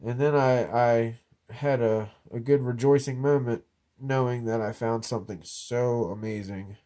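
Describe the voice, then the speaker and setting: A man with a cold clears his throat as he casually shows off his metal detecting finds indoors in an office. His warm, mid-range voice stays fairly even and unhurried while he jokes and rambles a little.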